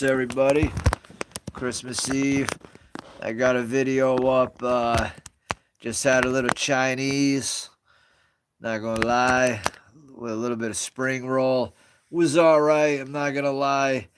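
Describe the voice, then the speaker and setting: Guy chatting slow on a phone livestream at home, drifty and rambly, a bit of background hiss. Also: mid-range voice, little pitch movement. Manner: slow, rambling, greets viewers. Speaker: livestream host. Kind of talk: casual live-stream chat.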